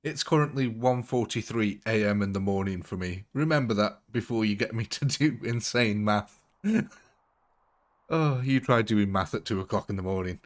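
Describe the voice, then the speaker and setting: A man's voice: fairly low pitch, animated, moderate pace. Chatty man streaming late at night. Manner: chatty, chuckles often. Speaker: game streamer. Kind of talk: casual live-stream chat. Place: home at night.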